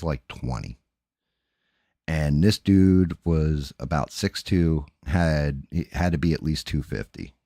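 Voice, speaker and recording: Livestream host, male, very low voice, dry close sound, profane animated storyteller with sound effects. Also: dry recording. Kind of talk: casual storytelling chat.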